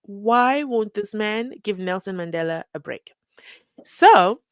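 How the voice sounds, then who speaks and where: A woman's voice: mid-range voice, moderate pace, dry recording. A woman, hosting a live stream, reading viewer comments and acting out the people she quotes with sarcasm. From South Africa.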